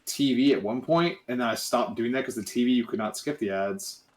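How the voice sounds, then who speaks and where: A man chats casually as co-host of a game stream. His voice is mid-pitched. He rambles and often starts his sentences over. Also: fairly quick. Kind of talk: casual gaming chat.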